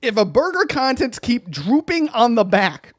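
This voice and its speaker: A man's voice: very high-pitched, very animated, moderate pace, no room sound. A young man co-hosting a casual comedy podcast, reading instructions aloud in a mock-serious way and laughing often. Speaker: podcast co-host.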